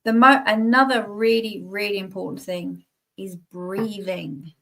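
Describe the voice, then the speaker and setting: A woman's voice: mid-range voice, fairly even intonation, measured pace, fairly bright tone. A middle-aged woman, a guest healer giving casual, chatty advice and laughing at herself.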